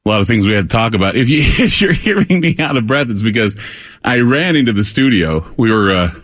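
A man with a lowish voice hosts a late-night call-in radio show from a studio mic. He talks in a loose, wandering monologue, full of "uh"s and restarted sentences. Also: animated, normal speed, a bit bright. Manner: rambling and conversational, many fillers and restarts. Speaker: radio talk show host. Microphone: studio microphone.

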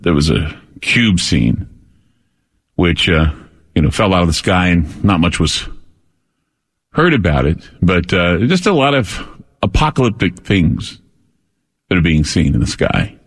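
A man with a lowish voice hosts a late-night call-in radio show from a studio mic. He talks in a loose, wandering monologue, full of "uh"s and restarted sentences. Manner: rambling and conversational, many fillers and restarts. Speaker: radio talk show host. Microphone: studio microphone.

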